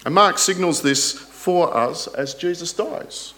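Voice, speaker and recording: Rhetorical questions punctuate this earnest, deliberate sermon from a man with a fairly high voice, who gets loud on quoted scripture and drops quiet at phrase endings.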